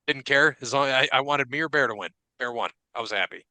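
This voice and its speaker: Bright, clear-voiced man telling stories. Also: medium pitch, quick pace, no echo. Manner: profane, animated storytelling with quoted dialogue. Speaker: podcast co-host. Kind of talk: casual chat.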